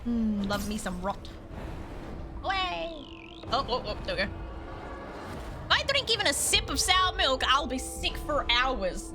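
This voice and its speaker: Woman, game streamer, high voice, wildly swooping pitch, excitable, swears a lot, game music playing behind. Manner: excitable, swears freely, frequent squeals. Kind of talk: live gameplay commentary.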